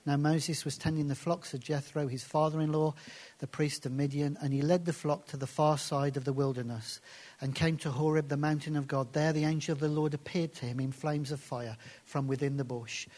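A man preaching a sermon and reading scripture aloud, slowing down and dropping to soft, hushed phrases for emphasis. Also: on the high side, fairly even intonation.

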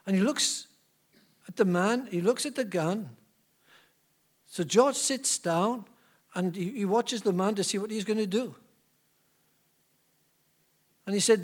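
High-voiced preacher telling stories. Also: male voice, unhurried, pauses often. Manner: animated, repetitive restarts. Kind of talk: sermon storytelling.

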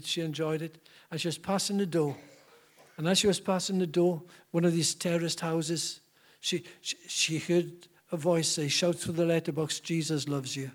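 High-voiced preacher telling stories. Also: male voice. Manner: animated, repetitive restarts. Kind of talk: sermon storytelling.

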